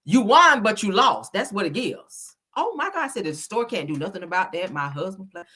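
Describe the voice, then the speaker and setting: Sassy woman with a husky voice. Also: medium pitch, very animated, brisk, sharp tone. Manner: sassy, dramatic, swears a lot, calls viewers baby and child. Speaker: host. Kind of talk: casual chat, reading live comments.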